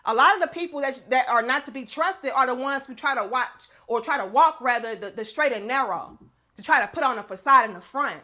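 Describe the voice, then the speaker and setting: A woman's voice: sits high, animated, brisk, pushed and bright. A young adult woman co-hosting a heated casual chat, blunt and profane as she defends a friend.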